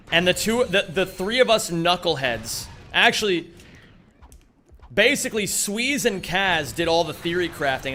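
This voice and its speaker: A man's voice: a little high, bright, forceful tone, slight background noise. A man streaming live, chatting casually with his viewers, greeting them by name and swearing freely as he plays.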